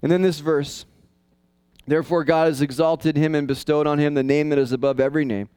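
A male pastor preaching a casual, conversational sermon that swings into high, excited tones. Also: quick pace, smooth, dry recording.

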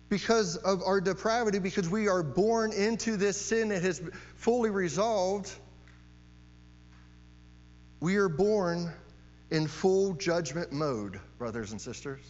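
Preaching slowly with long pauses, a man with a fairly high voice presses his message through repeated key phrases and rhetorical questions. A long hall reverb surrounds his muffled, dull-sounding voice, with a faint electrical hum underneath.

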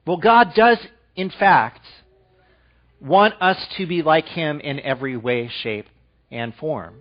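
A man's voice: on the high side, slow pace, lo-fi sound. A man preaching a sermon, reading scripture aloud, then explaining it with rising emphasis. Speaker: pastor.

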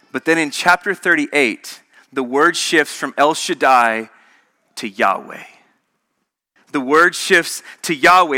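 A man's voice: a little high, bright, forceful tone. A man preaching a sermon in an emphatic, repetitive way, building each point through contrasts.

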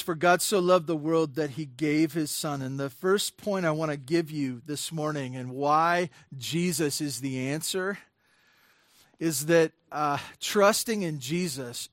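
Male pastor, talky sermon delivery, slightly high voice, dry close recording. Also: measured pace, no echo. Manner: conversational preaching with frequent fillers and restarts; rises to emphatic bursts on key points.

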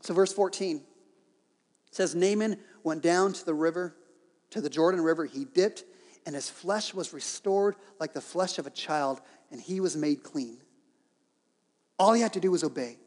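A man delivers a sermon, retelling a story in an animated way and dropping in jokes. His voice sits high for a man. A long reverb trails behind him, as in a large hall. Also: moderate pace. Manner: lively storytelling with joking asides. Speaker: preacher.

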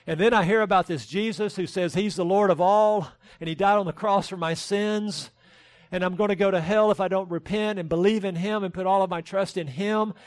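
High-voiced preaching man, dry close sound. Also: steady tone, a little fast, no room sound. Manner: earnest preaching with rising emphasis and self-deprecating humor. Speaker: pastor. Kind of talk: sermon.

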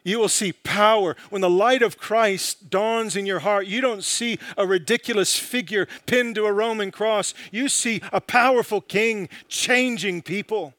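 A man preaching a sermon in a dramatic, emphatic way, often dropping low and slow for quotations. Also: a bit bright, dry recording.

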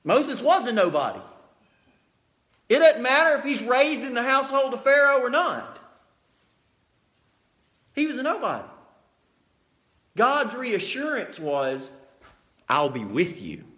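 A preacher with an unusually high, bright voice delivers a sermon. His pitch swoops up and down as he acts out the stories, and he keeps it folksy and animated. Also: a little slow, pauses often. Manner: animated storytelling, acts out scenes.

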